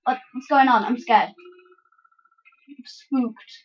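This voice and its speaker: A high, excitable woman commentating her gameplay, bursting into yelps and giggly outcries as things go wrong. Her voice sits well above the usual, and the recording sounds dull and lo-fi, like a cheap home mic. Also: slow pace. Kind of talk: let's-play commentary.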